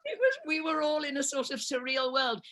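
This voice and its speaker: A woman's voice: high-pitched, fairly bright tone. A woman in her seventies, a guest actress telling stories in a chatty, laughing way on a talk show. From England. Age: 70s. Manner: chatty storytelling, laughs often. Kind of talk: casual chat.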